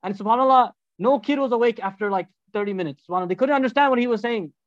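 A man giving a storytelling sermon as a religious teacher, animated and acting out the dialogues. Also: very high voice, racing, dry recording, dull audio.

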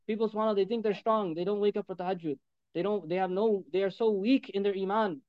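Fast, high-voiced man preaching emphatically. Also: steady tone, clean tone, no room sound, muffled recording. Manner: emphatic, repetitive exhortation. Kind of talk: sermon.

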